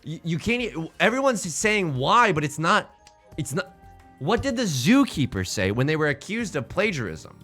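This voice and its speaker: Animated jokey male streamer. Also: on the high side, normal speed, soft background music. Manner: animated, jokey, self-mocking. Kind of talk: casual stream chat.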